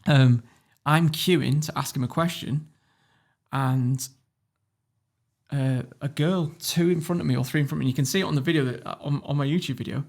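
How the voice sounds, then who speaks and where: A man with a British English accent, a podcast guest telling a story in a blunt, sweary and animated way. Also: fairly high pitch, normal speed, creaky. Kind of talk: casual storytelling.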